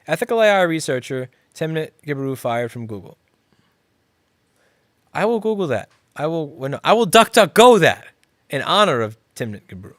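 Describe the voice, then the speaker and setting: A man's voice: on the high side, very animated, moderate pace, fairly bright tone, no room sound, studio quality. A man who owns a repair shop, hosting a casual livestream Q&A and answering viewers in a blunt, rambling, profane way. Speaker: repair shop owner and channel host.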